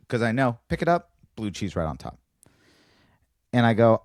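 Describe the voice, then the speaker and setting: A comedian co-hosting a podcast casually performs a stand-up bit, an animated storyteller who acts out the dialogue with big jumps in pitch. He speaks at a moderate pace in a clean studio sound without echo.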